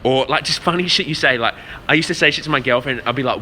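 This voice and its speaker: Racing along with hardly a pause, a young vlogger tells rambling, sweary stories in casual chat, sprinkling in "man" and "bro" for the listener. His mid-range voice has a bright, forceful tone, and faint noise sits in the background.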